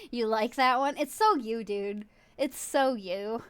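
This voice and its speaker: A woman's voice: a little high, takes it slowly, smooth, no room sound. A woman streaming live, chatting casually and giggling, swearing freely as she talks to her viewers and a friend in chat.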